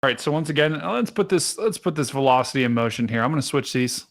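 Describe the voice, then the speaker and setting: A man hosting a live storm-tracking stream, chatting casually to his viewers and explaining radar, excitable and talkative. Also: mid-range voice, quick pace. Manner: excitable, chatty, talks to chat directly. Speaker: livestream weather host.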